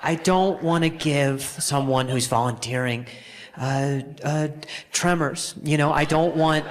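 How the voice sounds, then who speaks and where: A man's voice: fairly high pitch, measured pace. A man doing stand-up comedy on stage, talking with a stutter and self-deprecating jokes. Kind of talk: stand-up crowd work.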